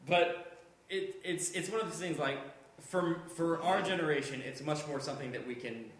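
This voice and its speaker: A man's voice: fairly high pitch, moderate pace, fairly bright tone, very echoey, a little hiss or hum. A man in his twenties chatting casually on a podcast, swearing often and rambling with restarts. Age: 20s. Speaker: podcast host. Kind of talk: casual chat.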